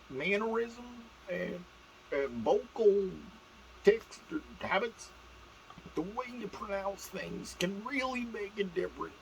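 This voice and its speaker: A man talking in a put-on squeaky, high-pitched voice, rambling and stammering. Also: gravelly, slight background noise, heavily acted, low-quality recording.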